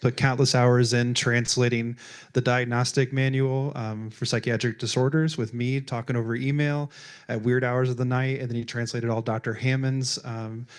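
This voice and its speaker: A man's voice: medium pitch, flat delivery, normal speed, smooth. A man on a panel introducing a colleague, speaking with appreciation and some fillers. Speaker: mission team member.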